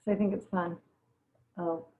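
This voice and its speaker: A woman's voice: lowish voice, steady tone, moderate pace, mellow. A young woman teaching a cooking class who chats and laughs while her eyes water from onions, with frequent exclamations. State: teary-eyed from onions. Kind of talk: live online cooking class. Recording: echoey, distant, phone-like sound.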